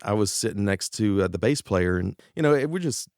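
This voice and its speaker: Low-voiced man telling road stories, dry sound. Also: brisk, no room sound. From East Tennessee. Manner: animated anecdotes with laughs and quoted voices. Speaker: guest musician. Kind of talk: casual interview storytelling.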